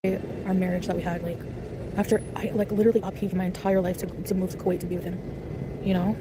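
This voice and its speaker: A woman's voice: fairly low pitch, level tone, fast. A woman vlogging outdoors at a train station, talking in a rambling, emotional way with many fillers. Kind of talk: casual vlog while commuting. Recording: loud street and train noise. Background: trains and traffic.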